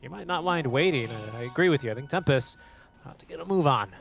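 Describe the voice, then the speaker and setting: A man calls an esports match in quick, excitable play-by-play. His voice sits a little high, with faint music underneath. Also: creaky. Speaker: esports caster. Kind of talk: play-by-play commentary.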